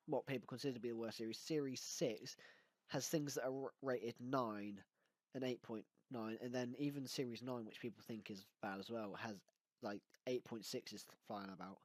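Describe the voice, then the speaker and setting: A man in a relaxed, casual conversation, mid-pitched and hesitant, with plenty of ums and quick laughs. The sound is close and dry, with no room around it. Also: no echo. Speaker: host. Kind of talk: casual chat.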